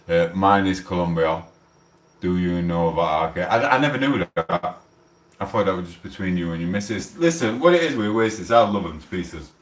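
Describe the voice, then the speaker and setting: Man, Sheffield accent, live streamer, rambling, swearing, low voice, echoey room, distant mic. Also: expressive, moderate pace. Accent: Sheffield, South Yorkshire. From England. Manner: rambling, swearing, loud outbursts. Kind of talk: casual live-stream chat.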